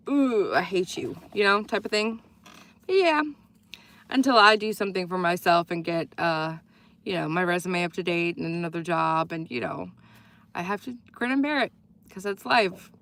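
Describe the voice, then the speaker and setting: A woman's voice: fairly low pitch, animated, normal speed, a bit bright. A woman hosting a casual livestream, chatting in a rambling way and laughing often as she reads viewer comments. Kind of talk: casual live chat.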